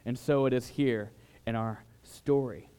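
A man preaching a sermon, who swings between loud, emphatic lines and quiet, dropped asides. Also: measured pace, smooth. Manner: dramatic shifts in loudness, mimics flatterers in higher voice. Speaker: pastor.

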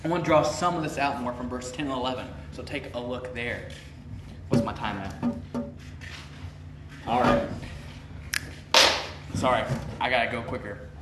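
A man's voice: medium pitch, steady tone, measured pace, pauses often, distant mic, loud music behind the voice. A man preaching a sermon in a conversational way, pressing his points with rising, emphatic questions and acting out the people he quotes. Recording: roomy echo, voice from off-mic.

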